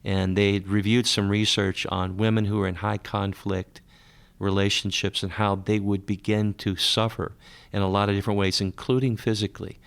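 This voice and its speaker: Male radio host, low gravelly voice, earnest and pastoral in interview. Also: little pitch movement, normal speed.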